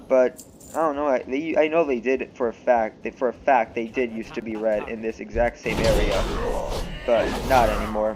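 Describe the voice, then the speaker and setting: A man's voice: lowish voice, noisy background. A young man casually commenting on his gameplay, rambling and offhand, often poking fun at himself. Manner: rambling, offhand, self-mocking. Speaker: gaming channel host. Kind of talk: let's-play commentary.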